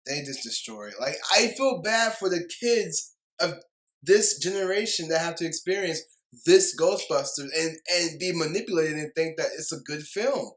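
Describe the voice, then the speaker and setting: A man's voice: a little high, a bit bright, low-quality recording. Heated, ranting young man. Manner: heated, repetitive ranting with frequent apologies. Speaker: movie reviewer. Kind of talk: ranting video review.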